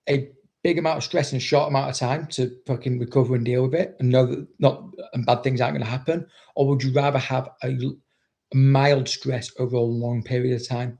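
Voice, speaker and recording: A man's voice: mid-range voice, vocal fry, darkish tone. A man, a dog trainer, chatting casually on a livestream and reading out viewer comments, blunt and swearing constantly as he rambles.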